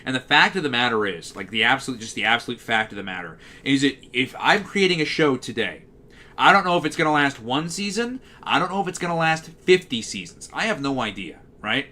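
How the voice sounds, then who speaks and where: A man with a bass-baritone voice, casually chatting on a livestream and answering messages from chat. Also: lively intonation, brisk, sharp tone. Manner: talkative, answers chat messages as they come in. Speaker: livestream host.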